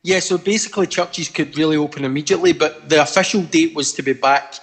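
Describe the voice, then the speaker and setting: A man's voice: a little high, fast, creaky, slightly rough. A man, a pastor, speaking plainly and steadily on a video call.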